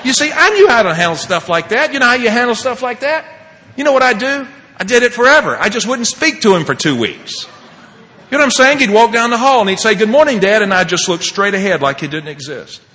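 A man sharing his personal recovery story as a speaker at a meeting, animated and laughing often, swinging between loud and hushed. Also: very high voice, a little fast, long reverb tail.

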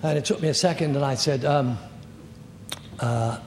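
Older man telling a halting, candid story. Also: mid-range voice, darkish tone. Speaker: recovery meeting speaker. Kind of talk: personal testimony. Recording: echoey hall with faint noise.

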